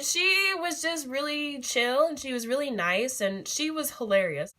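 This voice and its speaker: A young woman chats to her camera in a casual vlog, giggly and excitable, full of little fillers. Her voice sits a touch high and rings bright and forward. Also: moderate pace, few pauses. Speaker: beauty vlogger.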